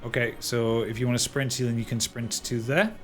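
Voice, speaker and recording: A man's voice: mid-range voice, steady tone, brisk, faint music behind. A man narrating as dungeon master, stumbling and repeating words as he describes the action. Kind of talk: narrating a tabletop game.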